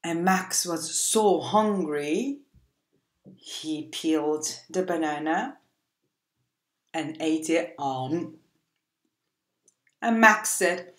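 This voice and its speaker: Very slow-talking woman teacher. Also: low voice, roomy sound. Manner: drawn-out letter sounds, gentle storytelling. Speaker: preschool teacher. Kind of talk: phonics lesson for young children.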